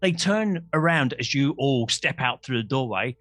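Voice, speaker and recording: A man's voice: medium pitch, animated, normal speed, a bit bright, no echo, soft background music. A man narrating a tabletop game as game master, rambling and self-mocking, tripping over his words. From Australia.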